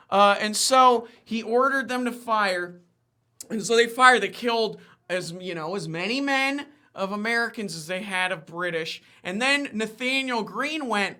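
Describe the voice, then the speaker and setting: Excitable bright-voiced man telling history. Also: sits high, a little slow. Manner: excitable, rambling, with many fillers and apologies. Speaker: guest, history podcaster. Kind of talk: excited storytelling in casual chat.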